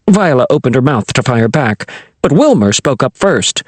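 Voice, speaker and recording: Brief: man narrator for a kids' fantasy audiobook, husky tone, very lively pitch. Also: moderate pace, no room sound. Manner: expressive storytelling. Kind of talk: scripted narration of a children's fantasy novel.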